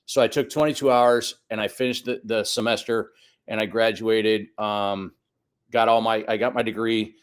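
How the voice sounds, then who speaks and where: A man's voice: on the low side, little pitch movement, normal speed, clear, resonant tone. A man in his fifties telling a long personal story as a guest on a podcast, acting out the voices of the people he quotes. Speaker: guest soccer coach. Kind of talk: casual storytelling interview.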